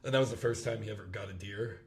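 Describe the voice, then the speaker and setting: A man in his thirties telling a hunting story in casual chat, acting out the quotes with quick laughs. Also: lowish voice. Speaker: podcast host. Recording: roomy with faint background noise.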